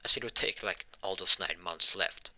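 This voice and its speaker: A man narrating an improvised fan story in a rambling, halting way with many restarts. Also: low voice, sharp tone.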